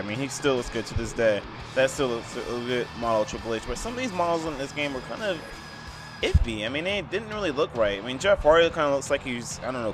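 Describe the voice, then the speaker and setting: A man rambles through a casual voice-over review of an old video game. His voice sits at an ordinary middle pitch, and faint game music plays underneath. He is blunt and opinionated, filling his talk with "I mean" and "like".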